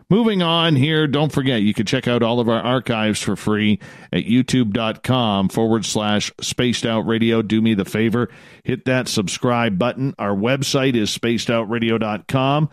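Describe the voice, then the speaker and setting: A man with a Canadian accent hosting a live radio talk show, with lively, joking announcer patter. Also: medium pitch, normal speed, no echo.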